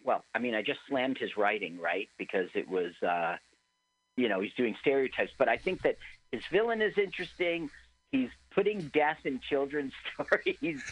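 A man chats casually on a radio show, reviewing a movie and circling back through his sentences. His pitch swings widely. It is a broadcast studio recording. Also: normal speed, breathy edge, rough recording. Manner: animated, rambling, restarts often. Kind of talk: casual movie commentary chat.

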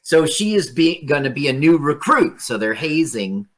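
A man's voice: a little high, very animated, moderate pace, a bit bright. A man co-hosting a casual comedy show, joking and laughing often. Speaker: podcast co-host. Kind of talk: casual comedic chat over a video.

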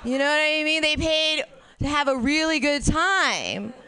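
A woman's voice: high-pitched, lively intonation, unhurried, sharp tone. A woman doing a stand-up set, telling crude stories candidly and laughing at her own jokes. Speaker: stand-up comic.

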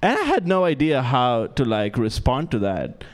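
A man's voice: medium pitch, wildly swooping pitch, moderate pace. A young man performing a stand-up comedy set on a club stage, self-deprecating and stumbling over restarts. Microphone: handheld stage mic.

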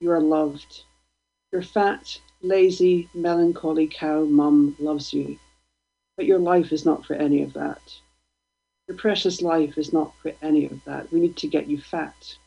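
A woman, a guest poet, reading her poems aloud in a slow, deliberate, provocative way. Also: sits low, fairly even intonation, gravelly, dark tone, slightly rough. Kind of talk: poetry reading. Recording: dull lo-fi radio stream.

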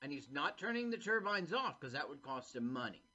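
A man co-hosting a podcast, casually commenting on an animated film as it plays, animated and chatty. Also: a little high, brisk. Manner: animated, talks over the film. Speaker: podcast co-host. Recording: dull lo-fi sound.

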